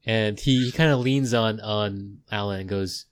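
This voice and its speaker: A man's voice: on the low side, steady tone, normal speed. A man narrating a tabletop game as game master, in a loose, rambling way.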